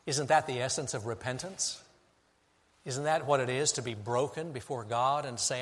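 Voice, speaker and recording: A middle-aged man, a pastor preaching a sermon, moving between hushed, intimate passages and emphatic, rising declarations. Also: medium pitch, normal speed. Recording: long hall reverb.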